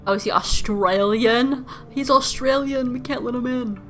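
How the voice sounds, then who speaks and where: A woman's voice: on the high side, fairly even intonation, a little slow, fairly bright tone, soft background music. A woman streaming a video game live, joking and giggling as she comments. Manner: playful, giggly, jokey. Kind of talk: gaming livestream commentary.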